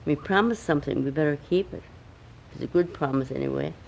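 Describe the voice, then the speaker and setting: A woman's voice: low voice, fast, gravelly, a little mellow, a little hiss or hum, poor audio. An older woman, a grandmother, telling a homemade bedtime story at home with chatty asides to the listening child.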